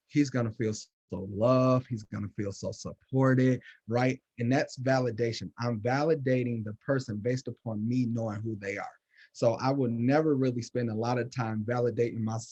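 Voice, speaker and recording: A man working as a counselor, answering questions in casual, animated talk with lots of fillers. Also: medium pitch, breathy edge, muffled recording. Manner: animated, conversational, many fillers.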